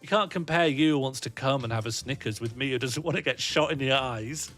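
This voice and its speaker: A man's voice: medium pitch, fairly quick, a bit bright, faint music behind. A man rambling and joking on a casual livestream, answering his chat and laughing often.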